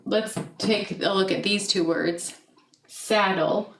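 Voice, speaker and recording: A woman teaches second graders in a recorded video lesson, walking through steps in a friendly, teacherly way, asking questions and often checking in with "okay?". Her mid-range voice is steady, measured, and fairly bright. The room is echoey, the mic is distant, and there's slight background noise.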